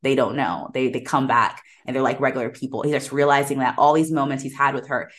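A woman's voice: extremely low pitch, fast. A woman co-hosting a podcast, retelling film scenes in casual chat, acting out lines and laughing often. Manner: animated retelling, slips into quoted voices, laughs often. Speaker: podcast co-host.

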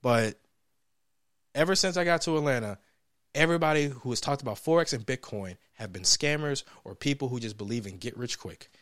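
A young man co-hosting a podcast, telling a story in a casual, profane, animated way and laughing often. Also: mid-range voice, brisk, no echo, studio quality. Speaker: podcast co-host.

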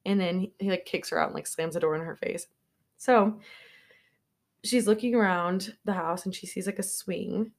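A woman's voice: fairly low pitch, normal speed. A young woman co-hosting a podcast, recapping a movie in casual chat, rambling along with lots of filler words. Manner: rambling, filler-heavy storytelling, many "like"s. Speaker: podcast co-host.

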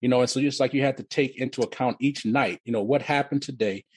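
A man in his fifties, originally from Detroit, telling his life story as an interview guest in a halting way, often repeating and restarting words. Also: mid-range voice, slightly rough, no room sound. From Detroit, USA.

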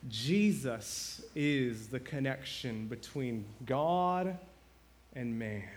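A man's voice: medium pitch, animated, extremely slow. Conversational preaching pastor, man. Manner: conversational preaching, asks the congregation questions; builds to loud emphatic climaxes. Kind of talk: sermon.

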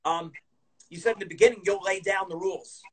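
Man, podcast host, high voice, husky, quick talker, keen interviewer. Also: steady tone, fairly bright tone, low-quality recording. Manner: enthusiastic, reflects back the guest's points. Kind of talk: casual interview.

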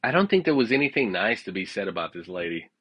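Low-voiced man telling a rambling story. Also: very animated, fast, fairly bright tone, husky, no echo. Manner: rambling, profane, frequent "you know what I'm saying"; laughs at his own story. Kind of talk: casual storytelling monologue.

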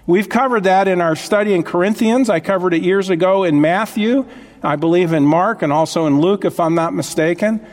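High-voiced man preaching in a reverberant hall. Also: brisk. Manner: emphatic, repeats key phrases, asks listeners to follow along. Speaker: pastor. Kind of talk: sermon.

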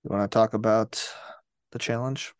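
A man's voice: on the low side, steady tone, moderate pace, clean tone, no room sound, clean studio sound. A man co-hosting a podcast in casual chat, laughing often and acting out what others might say. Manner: chatty, laughs often, acts out quotes. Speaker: podcast co-host.

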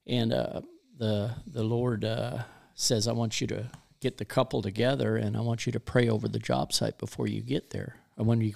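A man's voice: lowish voice, gravelly, a little mellow. A man who owns a business speaks frankly in a faith podcast conversation, thinking aloud and restarting his sentences. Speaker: business owner. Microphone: podcast microphone.

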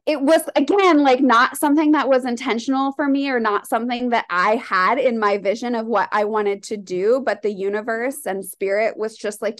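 A woman's voice: on the high side, moderate pace, few pauses. A woman from Colorado, a shop owner and artist, talking candidly in a casual interview, rambling with lots of "like". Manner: rambling, heavy use of "like", candid.

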